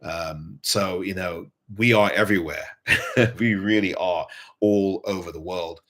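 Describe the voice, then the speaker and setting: Low-voiced football fan host. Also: male voice, a little slow, a bit bright. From England. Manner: earnest, repeats points for emphasis. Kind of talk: post-match fan commentary.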